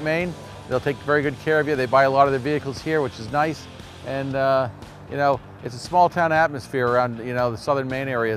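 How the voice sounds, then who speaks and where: Folksy man pitching used cars. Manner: chatty, folksy, rambling with fillers. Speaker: car dealership host. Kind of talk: local TV car sales pitch. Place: car dealership lot.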